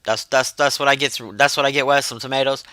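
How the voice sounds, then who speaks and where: A woman's voice: rumbling low, steady tone, fast, a bit bright, no echo. A woman hosting a livestream, chatting loosely and reacting to messages from her chat. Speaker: livestream host.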